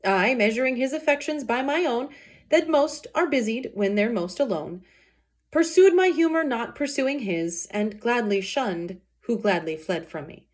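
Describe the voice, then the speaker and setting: A woman reading an honest young man's account of a fight in an earnest, measured way. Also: fairly high pitch, expressive. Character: honest young male nephew, calm reporter.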